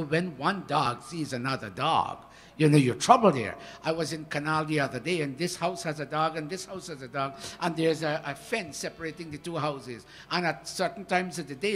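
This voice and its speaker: A man teaching a scripture workshop, talking in an earnest, animated devotional manner. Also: a little high, slightly rough. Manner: animated, earnest, with swells of emphasis.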